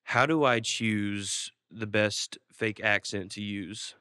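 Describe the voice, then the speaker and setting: A male host with a lowish, smooth voice asking offbeat interview questions in a deadpan, awkward way. The recording is close and dry, with no echo. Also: takes it slowly.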